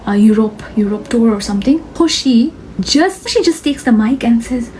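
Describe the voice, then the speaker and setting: A young woman from the Himalayas telling an excited, self-mocking story in a casual vlog. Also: on the high side, moderate pace, rough recording. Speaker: vlogger.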